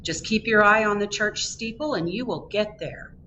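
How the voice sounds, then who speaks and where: Woman reading as a calm, kind little girl. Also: medium pitch, moderate pace, a little hiss or hum, natural voice. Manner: gentle, reassuring.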